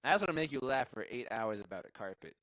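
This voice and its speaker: A man's voice: mid-range voice, animated, quick pace, fairly bright tone, low-quality recording. Rambling young male stand-up comic. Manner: rambling, laughs at his own jokes, profane. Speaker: stand-up comedian. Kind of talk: stand-up comedy set. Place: live show venue.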